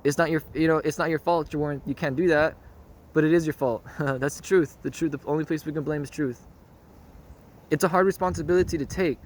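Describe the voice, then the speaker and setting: Earnest rambling man, fairly high voice. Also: steady tone, a little fast, a little hiss or hum. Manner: rambling and repetitive, often asks "you know what I mean?"; earnest, circles back to one phrase. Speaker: spiritual vlogger. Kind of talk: unscripted reflective monologue.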